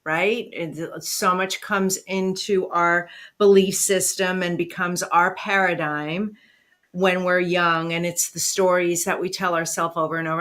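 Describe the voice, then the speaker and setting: A woman hosting a talk show, speaking with emotion and warm affirmation to her guest. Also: on the low side, fairly even intonation, slow pace. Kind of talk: interview conversation.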